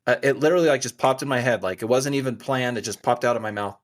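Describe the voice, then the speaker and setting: A man's voice: medium pitch, quick pace. An American man in his forties, a hunting guide, telling a story in casual conversation and acting out the voices of the people in it. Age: 40s. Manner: animated storyteller, acts out quoted voices. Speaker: hunting guide and outfitter, podcast guest.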